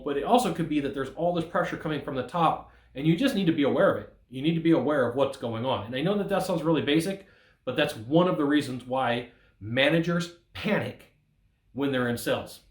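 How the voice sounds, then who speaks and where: A man's voice: fairly quick, echoey room. A man giving sales advice in a casual vlog, talking straight to the camera and acting out what bosses say. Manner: animated, acts out quoted bosses in higher voices. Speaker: sales consultant. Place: outdoors.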